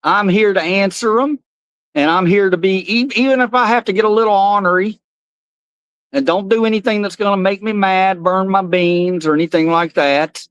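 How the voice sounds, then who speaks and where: A man's voice: sits high, normal speed, fairly bright tone, smooth, no room sound, highs cut off. A man voicing an ornery male cowboy puppet with a folksy drawl for a live stream.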